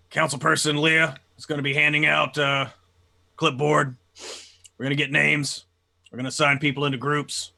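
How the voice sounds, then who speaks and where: A man's voice: medium pitch, gravelly, sharp tone, heavily acted. A man voicing a stern male city official who gives grave warnings to a crowd of volunteers.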